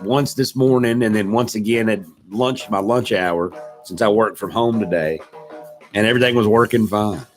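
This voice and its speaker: A man's voice: fairly low pitch, normal speed, soft background music. Rambling middle-aged man chatting. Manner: rambling and self-deprecating, greets chat viewers. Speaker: live stream host. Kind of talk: casual live-stream chat. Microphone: desk microphone.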